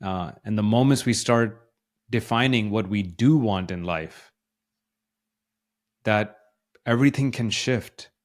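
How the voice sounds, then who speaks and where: A man's voice: lowish voice, takes it slowly, pauses often. A man co-hosting a podcast who works as a coach, giving encouraging, motivational advice in a casual conversation. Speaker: podcast co-host and life coach.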